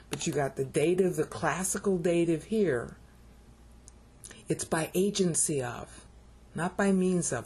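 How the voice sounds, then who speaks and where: A woman on her video channel casually explaining word meanings, often pausing to check in with the viewer. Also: low voice, a little mellow, breathy edge. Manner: explanatory, keeps checking in with "okay?". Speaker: YouTuber explaining Bible Greek. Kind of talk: casual teaching monologue.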